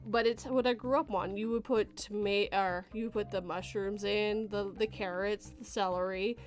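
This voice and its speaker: A woman from Canada hosting a casual podcast chat, talking in an animated, chatty way and laughing often. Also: mid-range voice. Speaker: podcast host.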